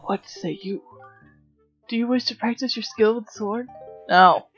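A woman voicing a stern sword trainer in a formal, measured way, on a dull lo-fi recording. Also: a little high, a bit bright, breathy edge, soft background music.

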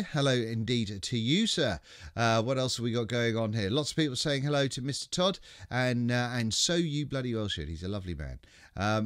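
Bloke chatting on a live stream, lively up-and-down voice, dry close mic, trips over names and laughs it off. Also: male voice, medium pitch, dry recording. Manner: chatty, stumbles over names, laughs often, swears casually. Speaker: livestream host. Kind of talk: casual live chat reading viewer comments.

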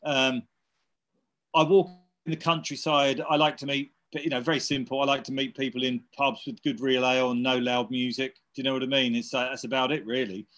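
A man in his fifties chats casually in an interview. He rambles and restarts, pads his talk with fillers, and speaks at a middle pitch. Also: little pitch movement, brisk, a bit bright. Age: 50s. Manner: rambling, many fillers and restarts, laughs while telling stories. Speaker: interviewee, electronic musician. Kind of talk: casual chat.

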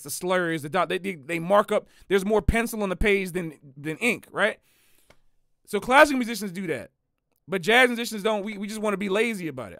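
A man, a jazz musician hosting a livestream, talking in a casual, slangy and animated way and repeating phrases for emphasis. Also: sits high, no echo, clean studio sound.

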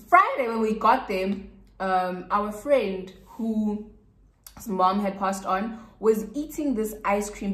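A woman's voice: mid-range voice, a bit bright. A South African woman telling a casual storytime to her viewers, chatty and repeating words for emphasis. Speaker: YouTuber. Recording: echoey room.

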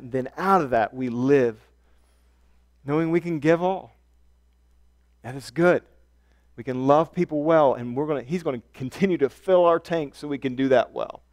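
Earnest preaching from a male pastor with a medium-pitched voice. He returns to key phrases repeatedly, and his volume shifts from hushed softness to loud emphasis.

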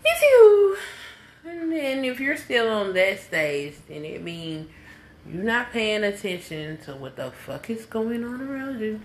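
A woman's voice: mid-range voice, very animated, fairly bright tone, roomy sound, slight background noise. A woman giving a casual vlog rant as a spiritual advisor, blunt and heavily profane, drawing out words for emphasis. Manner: unhurried with drawn-out emphasis.

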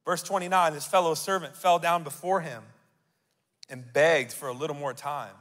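A male pastor preaching a sermon, reading scripture aloud and building to loud declarations. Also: on the high side, normal speed. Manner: reads scripture aloud and asks the crowd to repeat. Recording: long hall reverb.

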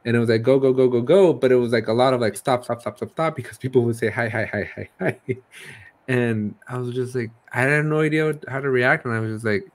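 A man hosting a casual interview, telling stories in a fast, excitable way. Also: medium pitch. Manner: fast, excitable storytelling with laughs. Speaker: host.

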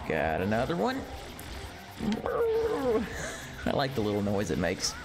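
A man live-streaming a retro platform game, chatting casually and reacting with excited, easily delighted commentary. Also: medium pitch, takes it slowly. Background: faint game music.

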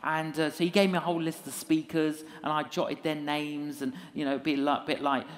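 A man's voice: a little high, fairly quick. A man telling a story in a lecture, acting out dialogue with humour. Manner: animated, acts out dialogue with humour. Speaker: evangelist speaker. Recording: long hall reverb.

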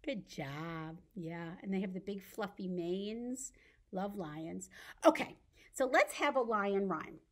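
A woman's voice: mid-range voice, slow pace. A woman librarian leading a baby storytime, talking in a cheerful sing-song way to small children and their grown-ups. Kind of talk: baby storytime with songs and rhymes.

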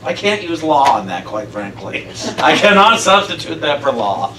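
Minister preaching in an echoey hall. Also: male voice, mid-range voice, moderate pace. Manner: conversational, laughing often, animated storytelling. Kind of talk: casual sermon. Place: church sanctuary. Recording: echoey hall, far from mic, noisy.

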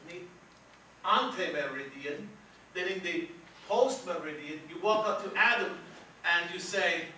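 Guy doing a smug fake psychic, high voice, echoey far-off room, noisy. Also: animated, unhurried, pushed and bright, exaggerated voice. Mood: pompous. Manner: grandiose, mock-mystical, often laughing. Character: pompous self-assured male psychic doctor. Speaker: comedian playing a fake psychic. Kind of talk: live stage comedy bit with volunteer. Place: stage before a live audience.

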